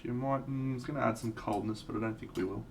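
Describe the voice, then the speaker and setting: Here a man talks fast in a medium-pitched voice during a live stream, painting miniatures and explaining the colours. The tutorial chat is casual and rambling, with self-mocking asides. A distant mic picks up some faint background noise.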